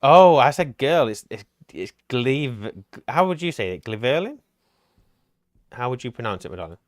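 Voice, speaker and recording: In studio-quality audio with no echo, a man with a medium-pitched voice speaks in an animated way at a moderate pace. He's a gaming streamer keeping up casual chat through a co-op session, musing aloud and kidding around with his partner.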